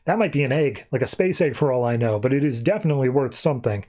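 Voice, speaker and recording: A man's voice: medium pitch, lively intonation, quick pace, a little mellow, close to an everyday voice. A man voicing a folksy small-town jeweler who haggles in a casual, offhand way. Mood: haggling.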